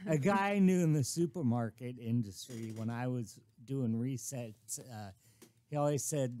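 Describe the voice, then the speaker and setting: A man's voice: mid-range voice, unhurried, mellow. An older man guest telling an easygoing anecdote, chuckling along. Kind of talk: casual anecdote.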